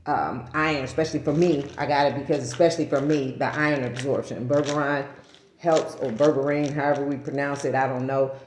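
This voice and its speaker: A woman's voice: very deep voice, steady tone, fairly quick, a little mellow, a little hiss or hum. Chatty woman vlogger in an echoey room. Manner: chatty and rambling, corrects herself, laughs at her own stumbles. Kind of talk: casual talking-head vlog.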